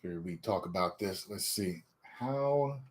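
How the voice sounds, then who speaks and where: A man's voice: sits low, expressive. A man in his forties hosting a casual livestream, chatting playfully with his viewers. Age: 40s. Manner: slow, playful, talks to chat. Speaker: livestream host.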